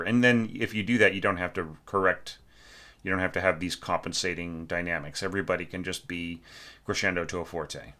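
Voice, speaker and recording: Male orchestration teacher, very low bright voice, chatty and emphatic, sings phrases to demonstrate. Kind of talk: casual spoken feedback on a student's score.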